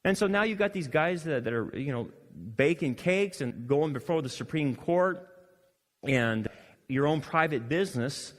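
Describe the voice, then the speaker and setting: A male pastor preaching a sermon, animated and swinging between loud emphasis and quiet asides. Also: on the high side, normal speed, long reverb tail. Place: church hall.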